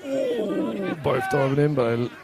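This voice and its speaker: Over a noisy crowd at an outdoor football match, an Englishman gives casual, self-deprecating live commentary at a moderate pace in a medium-pitched voice. He laughs often and reads viewer comments aloud.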